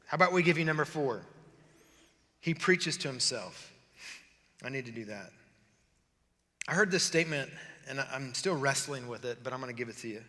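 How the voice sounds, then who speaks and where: A man preaching a sermon as pastor, often hushed and close to tears, at times lively and joking. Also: a little high, in a large hall. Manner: emotional, voice breaking into tears at times; shifts between hushed intensity and lively joking.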